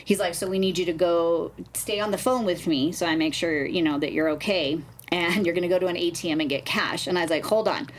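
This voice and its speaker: A woman on a podcast chatting casually, telling stories in a profane, animated way. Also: on the low side, a little fast, hardly any pauses, slight background noise. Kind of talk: casual chat.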